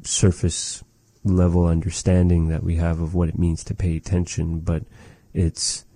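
A man giving a relaxed spoken language lesson, measured and thoughtful, with many pauses and fillers. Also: low voice, dry recording. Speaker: language teacher.

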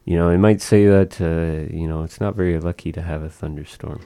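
Male teacher for a language lesson: very low, mellow voice, unhurried, patient repetition. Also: steady tone, clean tone, no room sound. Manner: slow, patient, repeating words for practice.

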